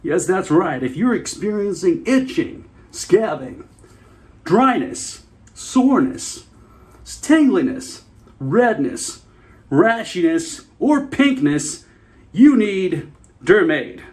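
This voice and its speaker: Man doing a high, booming infomercial announcer, overblown, slow sales pitch. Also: very animated, darkish tone, exaggerated voice. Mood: hyped.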